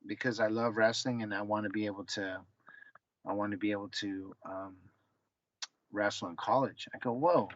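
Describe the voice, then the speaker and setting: A man's voice: mid-range voice, no room sound. A man in his forties speaks casually, a former fighter and coach recounting his past. He slips into the voices of the people in his story. The recording sounds dull and dry, as if the room were padded. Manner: animated, acts out dialogue with his son.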